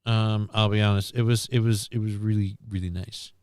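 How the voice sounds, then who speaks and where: Smooth-voiced man rambling on a livestream. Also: on the low side, level tone, a little fast, a little mellow, dry recording, clean studio sound. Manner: rambling, repeats and restarts words. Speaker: streamer host. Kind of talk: casual livestream chat.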